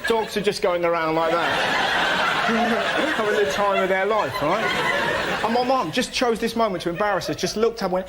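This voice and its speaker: A young man doing a cheeky, animated stand-up routine as a panelist, with sudden yelps in his telling. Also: sits high, normal speed. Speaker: comedian panelist. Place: TV studio with live audience. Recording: loud studio audience laughter and noise.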